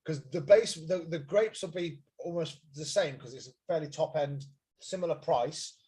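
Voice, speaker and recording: A man's voice: fairly high pitch, moderate pace, mellow. A man co-hosting a live wine tasting stream, chatting casually with jokey, sweary banter. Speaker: co-host of a wine tasting livestream. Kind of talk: casual chat.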